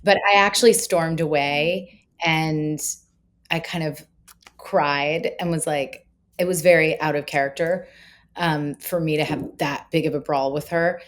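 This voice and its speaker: Low-pitched woman in her 40s, candid self-mocking storyteller, easy podcast chat. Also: steady tone, unhurried. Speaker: guest parenting expert. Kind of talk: casual podcast conversation.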